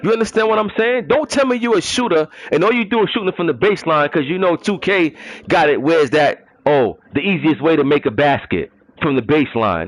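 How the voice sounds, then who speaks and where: A man's voice: fairly high pitch, lively intonation, brisk, no echo, poor audio. A man, running a gaming league, delivering an emphatic ranting monologue full of street slang and mocking rhetorical questions.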